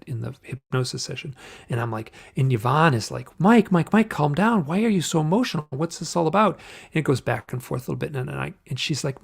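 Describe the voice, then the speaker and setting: A man telling a personal story in an interview, halting and restarting often, acting out the voices of the people he quotes. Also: medium pitch, creaky. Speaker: guest.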